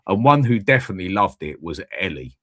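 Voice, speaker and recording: Casting note: very low male voice, loose rambling host patter with plenty of swearing. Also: very animated, fast talker, pushed and bright. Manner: rambling, swears freely, jokey. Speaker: channel host. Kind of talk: casual chat on a live stream.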